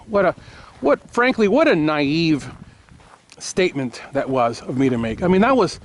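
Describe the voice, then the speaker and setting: A man's voice: on the high side, big pitch swings, moderate pace, slight background noise. Fiery middle-aged man ranting to camera. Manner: swings from shouting to hushed apologies. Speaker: firearms accessory maker and vlogger. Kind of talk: impassioned political monologue to camera.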